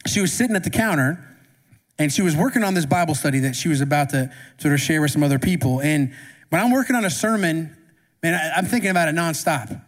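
A man's voice: fairly high pitch, fast. A man preaching a sermon as pastor, talking conversationally and asking the congregation questions. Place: church sanctuary. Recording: long reverb of a church hall.

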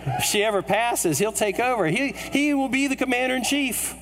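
A man from the United States preaching a sermon, telling a funny story in an animated, comic way. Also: very high-pitched, moderate pace. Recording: hall reverb with mains hum.

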